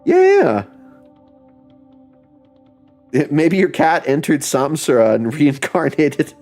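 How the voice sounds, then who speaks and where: A man's voice: on the high side, measured pace, darkish tone, faint music behind. A young adult man chatting casually on a livestream, rambling, laughing often and swearing freely. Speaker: streamer.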